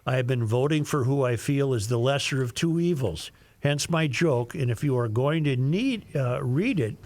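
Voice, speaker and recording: Dry-voiced talk radio host reading emails. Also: male voice, mid-range voice, animated, normal speed, darkish tone, no echo. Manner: reads listener emails aloud, chuckling.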